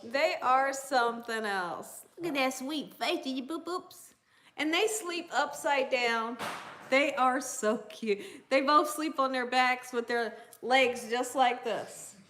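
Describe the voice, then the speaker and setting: High bright-voiced Southern woman host. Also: slow, slight background noise. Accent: Southern American. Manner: chatty, reads viewer comments aloud, coos to her dogs. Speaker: cooking channel host. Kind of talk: casual livestream chat.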